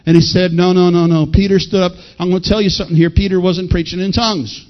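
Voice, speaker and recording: A middle-aged male pastor preaching a folksy, animated sermon that rises to shouted peaks. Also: high voice, fast. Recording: dull lo-fi sound.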